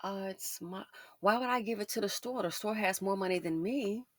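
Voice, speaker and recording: A woman hosting a casual commentary monologue, telling personal stories in an animated way and acting out the voices of the people she quotes. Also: normal speed, dry recording. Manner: animated storytelling, acts out quoted voices with big pitch jumps. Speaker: commentary channel host.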